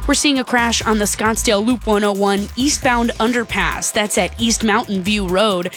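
A woman reporting news, traffic and weather for a radio station in a steady read. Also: medium pitch, moderate pace, faint music behind. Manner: crisp, steady newsreader delivery.

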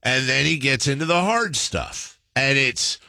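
A man's voice: medium pitch, expressive, measured pace, gravelly, pushed and bright, no room sound. A man hosting a podcast, telling a story in a rambling, casual way, often stopping to correct himself. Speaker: podcast host.

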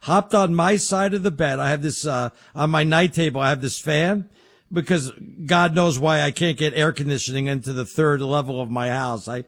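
A middle-aged man co-hosting a casual sports talk show, telling stories with excitable energy. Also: fairly high pitch, moderate pace, slightly rough. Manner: animated storyteller, excitable. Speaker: co-host.

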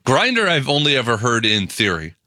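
A man chatting casually on a radio show, enthusiastic and animated. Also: medium pitch, brisk, no echo, clean studio sound. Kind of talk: casual chat.

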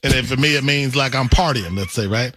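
A man's voice: medium pitch, a little fast, fairly bright tone, husky, no room sound, studio quality, soft background music. A man in casual chat, playful and teasing, who laughs often.

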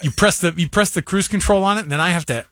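A man's voice: high-pitched, fast, a bit bright, no echo, studio quality. A middle-aged man co-hosting a casual chat, joking and teasing his co-host, with kids of his own. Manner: joking, interjecting, playful teasing.

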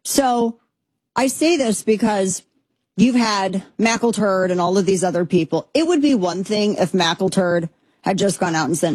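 A woman in her thirties or forties hosting a commentary show, talking in an animated, sarcastic and rambling way with many restarts. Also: medium pitch, normal speed, husky, no room sound. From Texas, USA. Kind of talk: opinionated monologue commentary.

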